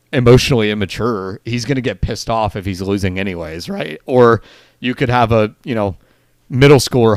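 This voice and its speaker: A man's voice: fairly low pitch, smooth, no room sound, studio quality. A man co-hosting a casual gaming podcast, thinking aloud and rephrasing his points as he goes. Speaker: podcast co-host.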